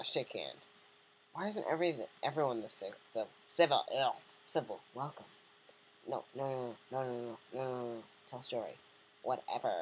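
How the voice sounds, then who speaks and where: A woman's voice: rumbling low, slight background noise. A woman giving casual, joking let's-play commentary and chatting to the game's characters. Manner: joking, rambling, talks to game characters.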